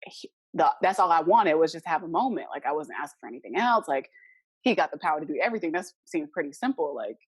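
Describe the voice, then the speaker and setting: A woman's voice: sits low, expressive, fast talker, breathy edge, no room sound. A young adult woman, a podcast guest, earnestly telling a personal story and acting out the remembered dialogue.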